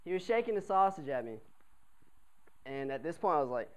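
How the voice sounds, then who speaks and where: A young man, a college cadet, telling a comic story to an audience in a chatty, animated way, often asking the crowd to answer him. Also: a little high, brisk, poor audio. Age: young adult.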